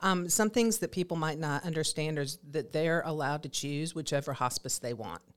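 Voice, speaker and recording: A woman guest in an interview, an educational coordinator explaining care programs in a clear, informative way. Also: low-pitched, moderate pace.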